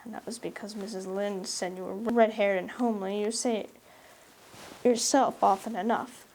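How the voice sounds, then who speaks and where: A woman's voice: medium pitch, steady tone, normal speed, darkish tone, slight background noise, lightly acted, poor audio. A woman reading a novel aloud, voicing a stern older woman guardian who scolds in a dry, reproving way. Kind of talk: audiobook reading.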